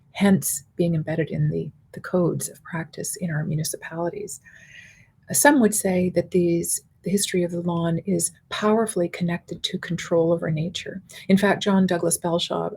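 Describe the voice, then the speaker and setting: A middle-aged woman and university professor giving a conference keynote lecture, articulate and measured, building her points in spoken lists. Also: fairly low pitch, darkish tone, slightly rough.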